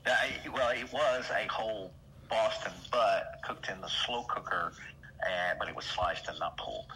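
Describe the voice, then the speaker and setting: A man's voice: fairly low pitch, normal speed, a little hiss or hum, rough recording. A man with a Southern US accent from Alabama, chatting casually on a stream and telling folksy, rambling stories. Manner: folksy, rambling, lively storyteller. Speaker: stream regular. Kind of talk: casual voice chat.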